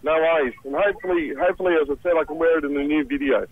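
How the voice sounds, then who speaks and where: A man's voice: on the high side, rapid-fire, phone-quality sound, slight background noise. Rowdy Australian man calling in. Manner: boisterous, rowdy, swearing. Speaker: caller. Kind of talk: excited phone-in chat.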